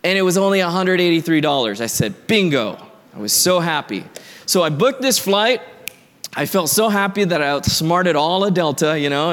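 Storytelling preacher man, echoing hall. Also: on the high side. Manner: storytelling, lively and conversational with rising emphasis. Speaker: pastor. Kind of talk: sermon.

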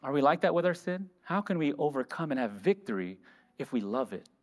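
A man's voice: on the high side, big pitch swings, brisk. A man preaching a sermon in a church, asking the congregation questions and answering them himself. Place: church hall. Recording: reverberant church hall.

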